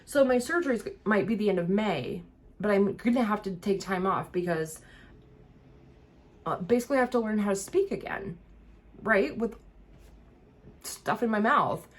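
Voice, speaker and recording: This medium-pitched female vlogger talks at a moderate pace with lively intonation, pausing often as she gets ready. She rambles through a casual chat full of fillers and restarts, and her enunciation is a bit of a struggle.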